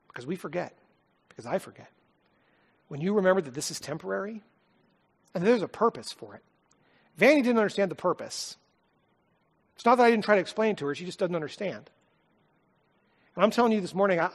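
A man preaching a sermon, telling a personal story in an earnest, heartfelt way and often dropping to a soft, quiet voice. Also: high voice, slightly rough. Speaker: pastor.

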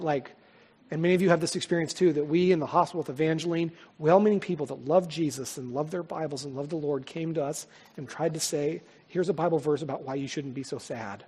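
A male pastor preaching a sermon with emphasis, moving between loud declarations and hushed, tender passages. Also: on the high side, husky. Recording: long hall reverb.

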